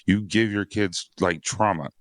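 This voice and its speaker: A man's voice: lowish voice, steady tone, unhurried, no room sound, clean studio sound. A man who is a father of six, talking casually on a dads podcast, rambling and laughing often. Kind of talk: casual conversation.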